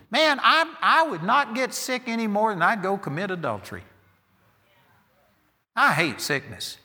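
A man's voice: high voice, sharp tone, in a large hall. A man preaching a sermon, emphatic and insistent, hammering his points with repeated declarations.

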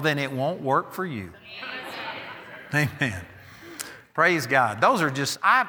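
A man's voice: a little high, bright, forceful tone, big-room sound. A man preaching a sermon, emphatic and insistent, hammering his points with repeated declarations.

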